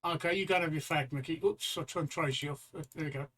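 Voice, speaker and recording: A man with a high voice hosts a casual live stream. He trades cheeky banter with his co-hosts and tells long, silly jokes. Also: quick pace, fairly bright tone, a little hiss or hum, poor audio. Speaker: host.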